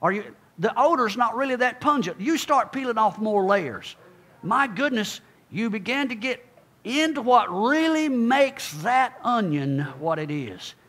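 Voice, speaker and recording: A man preaches a sermon with animated, unhurried delivery, speaking emphatically and calling out to his congregation. Now and then he drops low and quiet for asides.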